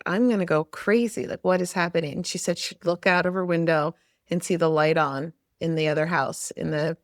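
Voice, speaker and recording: A woman hosting a podcast, telling a story in a reflective, unhurried way. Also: sits low, smooth, no room sound, clean studio sound. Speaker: podcast host. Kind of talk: casual podcast chat.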